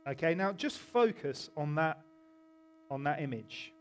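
Chatty preacher, man, slightly high voice. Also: animated, measured pace. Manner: chatty, self-interrupting, jokes with the congregation. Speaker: pastor. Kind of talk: sermon. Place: church hall.

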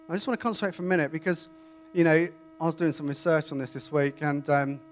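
A man's voice: on the high side, quick pace. Man preaching a conversational sermon. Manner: conversational, animated, self-interrupting. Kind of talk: Bible reading and informal sermon. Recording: faint mains hum.

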